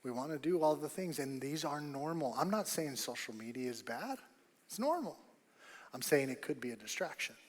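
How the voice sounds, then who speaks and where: High-voiced emphatic pastor in a hall. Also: male voice, animated, normal speed. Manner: emphatic, rising to loud bursts, repeats key phrases. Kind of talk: sermon. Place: church auditorium.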